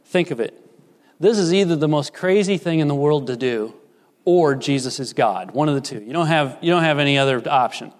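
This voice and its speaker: Preacher with hall reverb. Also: male voice, animated, a little fast. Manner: dramatic swings between rising emphasis and hushed low asides. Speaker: pastor. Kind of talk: sermon.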